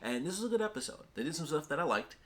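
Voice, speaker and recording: Young male reviewer, casual and joking, lively swings in pitch. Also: rapid-fire. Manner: chatty, joking, lots of fillers. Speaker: show reviewer.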